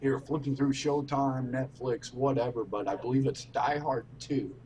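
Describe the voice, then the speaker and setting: A man's voice: medium pitch, fairly even intonation, moderate pace, darkish tone, slight background noise. Laughing man telling stories on voice chat. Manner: laughing storyteller, swears freely. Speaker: podcast host. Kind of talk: casual memorial chat.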